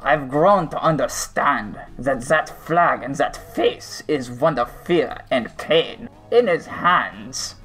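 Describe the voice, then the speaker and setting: A man reading a creepypasta aloud in a put-on German accent, voicing a war-weary German soldier in a slow, halting way. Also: medium pitch, a bit bright, soft background music, low-quality recording. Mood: grim.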